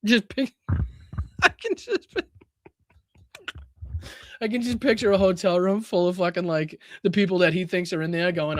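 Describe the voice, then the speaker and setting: A man's voice: sits high, normal speed, pauses often, no echo. Guy hosting a podcast, dry close mic, reacting to clips all incredulous, cussing and laughing. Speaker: podcast host. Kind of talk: casual political commentary reacting to clips.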